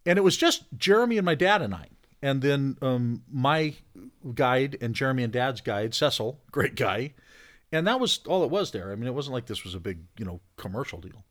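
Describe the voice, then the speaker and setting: A man telling a camp story in casual talk, animated, getting louder at the funny parts. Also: medium pitch, moderate pace. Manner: animated storyteller, rising loud for punchlines. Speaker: podcast guest, hunter.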